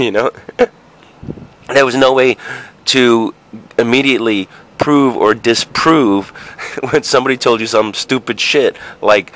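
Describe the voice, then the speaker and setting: A man in his forties recounts a childhood story for his vlog, meandering, profane and packed with fillers and side comments. He has a medium pitch, an animated delivery, a slightly bright tone and normal speed.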